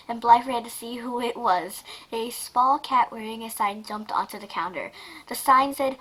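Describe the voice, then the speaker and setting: A woman reads a fanfic aloud in a loose, chatty way and stops now and then to react. Her voice is fairly high, with a husky, breathy grain. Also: moderate pace, a bit bright, poor audio. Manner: chatty, breaking off to comment. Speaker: fanfic reader. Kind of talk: casual reading with reactions.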